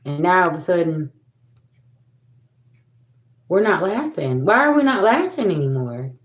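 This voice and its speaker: A woman's voice: fairly low pitch, big pitch swings, measured pace, reverberant. A woman giving a livestream spiritual reading, talking bluntly and profanely, repeating herself as she scolds. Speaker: tarot reader.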